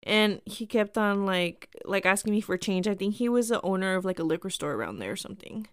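A woman's voice: medium pitch, animated, fairly quick, clear, resonant tone, no room sound, studio quality. A woman in her thirties casually telling personal stories, chatty and full of fillers, acting out the people she quotes. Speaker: storyteller.

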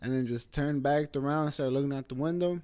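Man in casual chat, storyteller, profane, filler-heavy, mid pitch. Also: fast talker, a little mellow. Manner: loose, profane, filler-heavy, says bro a lot.

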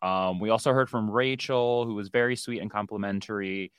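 A man co-hosting a casual podcast chat, jokey and quick to laugh, trailing off with fillers. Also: on the low side, fairly even intonation, clear, resonant tone, no echo, studio quality. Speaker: podcast co-host.

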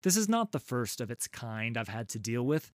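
Man narrator, fantasy story, middle pitch, dry close mic. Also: very animated, normal speed, no echo. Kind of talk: scripted first-person story narration.

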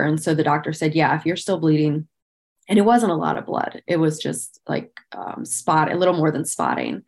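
Deep and darkish, her voice is also animated and brisk. She's a podcast guest in her thirties recounting a personal story with candor and sincerity, heavy on "like" fillers and charged with emotion. She is visibly moved when painful memories come up.

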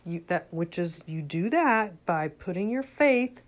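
An older woman giving an earnest, unscripted religious talk, halting with frequent restarts. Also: lowish voice, animated. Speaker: religious commentator.

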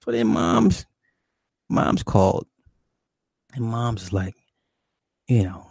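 A man's voice: on the low side, sing-song, takes it slowly, creaky, long pauses, darkish tone, slightly rough, no room sound, studio quality. A man hosting a call-in show, telling a childhood story in a laid-back, profane way and laughing often. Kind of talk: casual late-night call-in storytelling.

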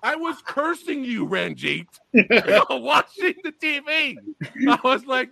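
Man hosting a podcast, very high voice, bright tone, animated and excitable, lively swooping pitch, profane casual storytelling. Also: slow pace, vocal fry. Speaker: podcast host.

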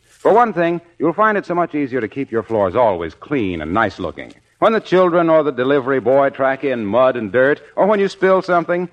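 Folksy, lively-voiced radio announcer man. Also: mid-range voice. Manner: folksy, warmly persuasive salesman. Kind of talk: scripted radio advertising read. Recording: old radio broadcast.

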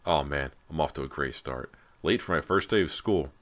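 A man voicing an excitable, joking teenage boy who is new in town, in an audiobook. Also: extremely low pitch, normal speed. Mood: eager.

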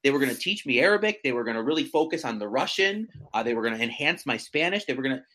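A man in his thirties chatting casually as a guest, animated and self-mocking, often stumbling over restarts. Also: mid-range voice, fast. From central New York. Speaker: guest, real estate agent. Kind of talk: casual chat.

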